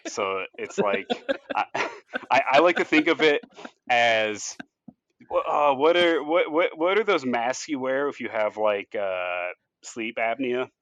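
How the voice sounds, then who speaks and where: A man casually pitching a movie story on a podcast, rambling loosely with lots of "like" and "you know" and frequent restarts. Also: lively intonation, takes it slowly, a bit bright, dry recording, highs cut off. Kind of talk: casual chat.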